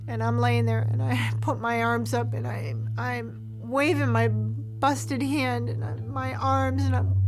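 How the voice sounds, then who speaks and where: A woman recounts her survival in a slow, emotional documentary interview. Her voice sits high, and she acts out her own pleas as she tells it. Faint music plays underneath. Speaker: survivor telling her story. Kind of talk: documentary testimony.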